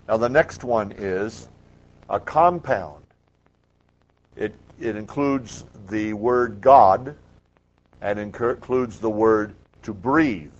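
A man lecturing a class on scripture in a lowish voice, stressing key words and firing questions at his students. The recording is muffled and lo-fi, as if taped in a classroom. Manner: emphatic, asks the class questions. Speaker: Bible teacher.

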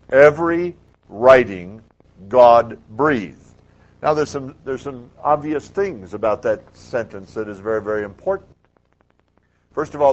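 A man teaching a classroom Bible lecture, emphatic and quizzing the class with questions. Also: medium pitch. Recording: muffled lo-fi classroom recording.

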